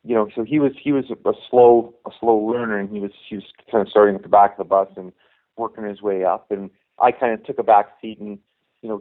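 Middle-aged man telling stories over a phone line. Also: fairly low pitch. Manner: rambling anecdotes, acting out quoted dialogue. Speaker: youth hockey coach, guest. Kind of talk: casual storytelling interview.

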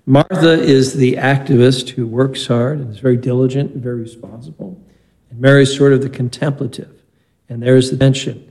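A man's voice: medium pitch, steady tone, fairly quick, darkish tone, poor audio. A man, a priest, reading the Gospel and giving a conversational homily with stories in a church. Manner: conversational preaching with anecdotes. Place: church or chapel.

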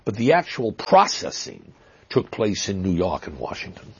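A man with a Boston accent answering interview questions, halting with fillers and restarts, stressing words with emphasis, heard on dull lo-fi audio. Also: on the low side, huge pitch swings, vocal fry, husky. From Massachusetts. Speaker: interview guest.

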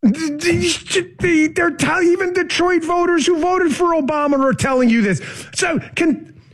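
A man hosting a political talk show, talking fast and emphatically in a heated rant. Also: very high-pitched, fairly bright tone.

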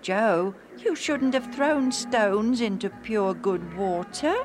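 A woman voicing Alf, a gentle, tender-hearted boy who speaks in a high, earnest way. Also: takes it slowly, soft background music, lightly acted. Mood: chiding. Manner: high, earnest, near tears when sad.

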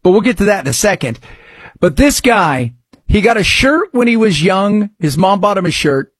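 A male radio host talks in a loose, rambling, joking way. His voice sits a bit high and sounds husky. The studio mic is close and dry. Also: very animated, normal speed, fairly bright tone, no echo. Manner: chatty, rambling, jokey. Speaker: radio talk show host. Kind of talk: casual sports and news talk.

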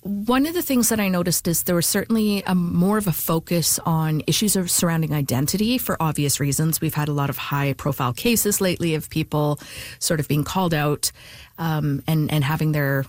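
Woman author, low-pitched voice, dry studio sound, hesitant and reflective. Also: fairly quick, dry recording. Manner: thoughtful, hesitant with many fillers and restarts. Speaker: author and guest. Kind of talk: conversational interview.

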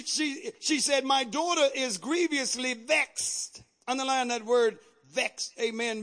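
A male pastor preaching a sermon in a call-and-response style, building to shouted exhortations on a radio broadcast. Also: extremely high pitch. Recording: radio broadcast of a church service.

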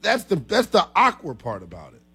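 A man's voice: sits high, wildly swooping pitch, a little fast, gravelly, sharp tone, slightly rough. A young man hosting a sports talk radio show, chatty and joking with callers. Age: young adult.

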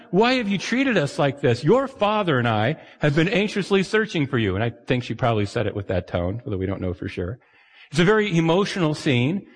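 A man's voice: a little high, big-room sound. A man preaching a sermon as a pastor, chatty and wry, acting out the voices he quotes.

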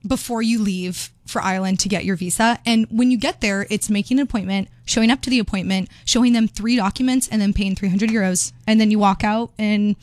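A young woman co-hosting a podcast in casual chat, bubbly, laughing often and making quick asides. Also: medium pitch, darkish tone, dry recording. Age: young adult. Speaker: podcast co-host.

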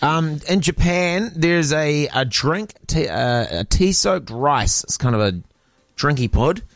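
A man hosting a radio show, chatting casually and reading out items with a halting, filler-heavy delivery. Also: on the high side, expressive, gravelly, dry recording, clean studio sound. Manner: halting, with many fillers as he reads.

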